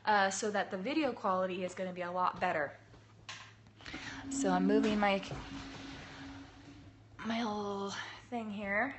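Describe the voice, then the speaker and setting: A woman in her thirties, hoarse from a cold, chatting casually to viewers while she sets up her cake workshop on a phone livestream. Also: fairly even intonation, a little slow, long pauses, background noise. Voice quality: husky, low. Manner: chatty, laughing, greets viewers by name. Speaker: cake artist hosting a livestream. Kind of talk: casual live-stream chat.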